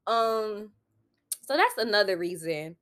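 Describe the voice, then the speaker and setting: A woman's voice: mid-range voice, expressive, slow pace, a bit bright. A young woman, hosting a solo podcast and giving candid, preachy advice full of "like" fillers. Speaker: podcast host.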